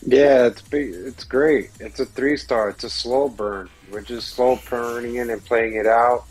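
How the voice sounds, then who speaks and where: A mid-pitched man chimes in as co-host with short, blunt verdicts. His talk stays casual and plain. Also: fairly even intonation, measured pace, darkish tone, faint music behind, low-quality recording. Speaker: podcast co-host. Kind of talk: casual chat.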